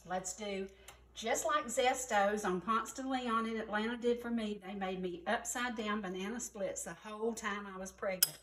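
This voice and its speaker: A woman's voice: medium pitch, normal speed, fairly bright tone, reverberant, slight background noise. Folksy Southern woman in her sixties. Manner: folksy, homey, says y'all. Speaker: talk show host. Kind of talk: cooking segment chat. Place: indoor kitchen.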